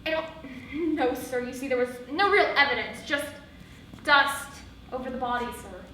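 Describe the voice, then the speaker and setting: A woman's voice: high voice, normal speed, bright, forceful tone. A teenage girl in a live school stage play, playing a bumbling young male soldier who rambles, giggles and gets flustered. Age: teens. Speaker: student actor. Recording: echoey hall, distant stage mic, faint hiss.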